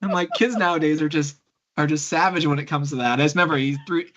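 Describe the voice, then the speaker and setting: A man with a bright, fairly high voice tells animated stories on a podcast, acting out what people said and laughing a lot. The sound is dull and lo-fi. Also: fast talker. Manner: animated storyteller, acts out quotes, laughs often. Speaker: guest, blaster kit designer. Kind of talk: casual podcast chat.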